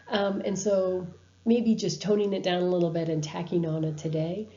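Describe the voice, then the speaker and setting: Over lecture slides, a female university instructor talks in a lowish, mellow voice, keeping a steady tone at a fast clip. She's conversational, full of ums and restarts, and the recording sounds lo-fi.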